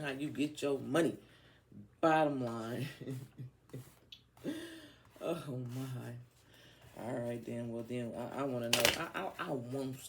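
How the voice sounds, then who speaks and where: Gravelly slangy woman reading tarot, laughing. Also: rumbling low, heavy background noise. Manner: laughing fits, swearing, slangy banter. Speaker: tarot reader.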